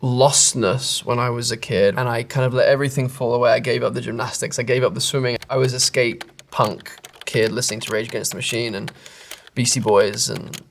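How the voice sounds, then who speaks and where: An English actor in his thirties reads internet comments aloud and answers them, rambling and cutting himself off, laughing at himself now and then. His voice is medium-pitched with fairly even intonation, a fairly quick pace and vocal fry.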